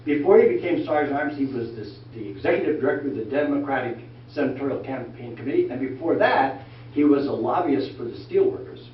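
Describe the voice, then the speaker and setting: An older man telling folksy, animated stories about his working life to a church class, acting out the voices of the people he quotes. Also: medium pitch, quick pace. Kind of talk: anecdotal storytelling talk. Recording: echoey room from far off, dull lo-fi sound, faint noise.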